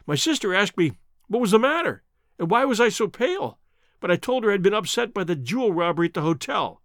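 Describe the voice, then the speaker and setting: A man's voice: high voice, sing-song, fairly quick, a bit bright, no echo, clean studio sound, full character voice. A male storybook narrator reading a nervous young jewel thief's confession in an earnest, storytelling cadence. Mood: confessing. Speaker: audiobook narrator.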